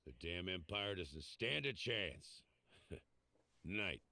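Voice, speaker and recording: An actor playing a gruff, friendly male mercenary in a game, with easygoing, teasing banter. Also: sits low, big pitch swings, slow, sharp tone, no room sound, exaggerated voice. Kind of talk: game voice acting.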